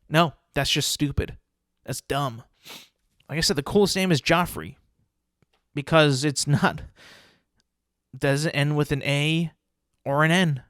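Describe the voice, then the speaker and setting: A man's voice: on the high side, measured pace, pauses often, fairly bright tone, no room sound, studio quality. A young man hosting a solo podcast, ranting casually with lots of swearing, fillers and restarts. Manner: rambling, profane, many fillers and restarts. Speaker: podcast host.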